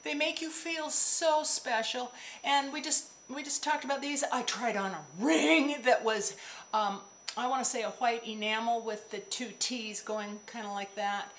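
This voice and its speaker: A woman's voice: on the high side, fairly even intonation, measured pace, a bit bright, slight background noise, rough recording. A woman vlogger chatting casually to the camera, rambling with asides while she shows small items. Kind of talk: casual chat.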